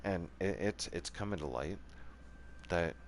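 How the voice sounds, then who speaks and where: Angry, low-voiced man in a profane rant. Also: animated, measured pace, a little hiss or hum. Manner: profane, repetitive, keeps asking "right?" and "okay?"; angry and defiant, voice rising and falling. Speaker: gaming channel host. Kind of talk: heated monologue rant.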